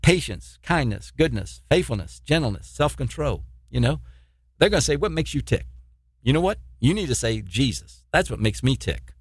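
A man's voice: mid-range voice, sing-song, normal speed, slightly rough, no echo, clean studio sound. A man preaching an informal sermon in an earnest, repetitive way, often adding "you know" and chuckling.

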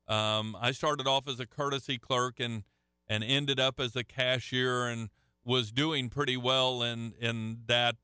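A man's voice: mid-range voice, pushed and bright, smooth, no echo, studio quality. A middle-aged man preaching a sermon to a live congregation, telling folksy stories and often restarting his sentences. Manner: folksy storytelling with frequent restarts. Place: church hall with a live audience.

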